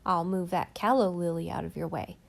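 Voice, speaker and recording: A woman voicing a hoarse, rambling old countrywoman. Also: lowish voice, steady tone, a little fast. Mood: folksy chatter. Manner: rambling homespun talk with rustic grammar. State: hoarse from a cold. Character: chatty lonely old countrywoman, folksy and kindly.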